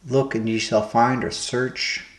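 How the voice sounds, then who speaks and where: Speaking a little slowly in a level, mid-range voice, this puzzle-playing host works through word games by floating guesses aloud one after another. It's casual, musing trial and error, recorded with a roomy echo.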